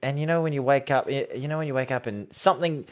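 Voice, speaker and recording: A man's voice: mid-range voice, quick pace, clear, resonant tone. A man in his forties with a New Zealand accent, co-hosting a casual rugby podcast and telling stories with quoted voices. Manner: animated storyteller, acts out quotes in raised voices. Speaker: podcast co-host. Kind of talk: casual chat.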